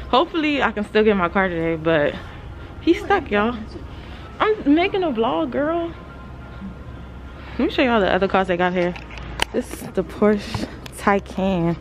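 A young woman vlogging to a phone camera in a casual, animated way, talking straight to her viewers. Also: mid-range voice, normal speed, slight background noise. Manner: chatty, animated, lots of "like" and "y'all". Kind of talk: casual vlog chat to camera. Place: car then indoor car showroom.

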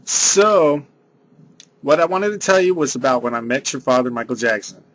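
A man's voice: mid-range voice, lively intonation, moderate pace, fairly bright tone. A man, rambling through a casual vlog monologue and saying "dude" a lot. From San Diego area. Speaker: vlogger.

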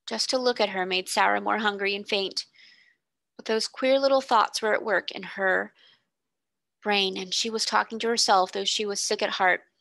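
A woman, a tutor, reading a children's novel aloud expressively, slowing on vivid words, on a close mic. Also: medium pitch, fairly even intonation, gravelly, a bit bright, no room sound. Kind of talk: storybook reading.

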